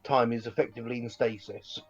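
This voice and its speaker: A man's voice: mid-range voice, steady tone, brisk. Curious man on a dull mic. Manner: curious, asks rules questions. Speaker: player. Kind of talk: casual tabletop play. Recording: slightly dull audio with faint music.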